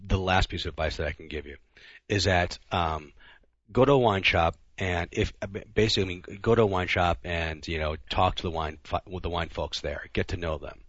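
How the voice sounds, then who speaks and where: A man's voice: deep voice, fairly quick, a bit bright, no echo, lo-fi sound. A man co-hosting a casual podcast chat, rambling with many restarts. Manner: rambling, lots of restarts and fillers. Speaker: podcast co-host.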